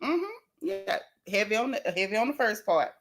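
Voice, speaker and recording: A middle-aged woman vlogger chatting to her viewers in a lively, exclaiming way. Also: mid-range voice, moderate pace. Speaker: gossip vlogger. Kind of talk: casual commentary to viewers.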